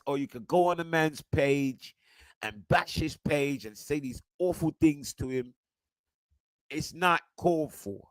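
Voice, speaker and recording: A man ranting profanely on a livestream, swinging between quiet muttering and loud outbursts. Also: fairly high pitch, expressive, takes it slowly, no room sound. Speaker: streamer and football content creator. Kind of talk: casual livestream rant.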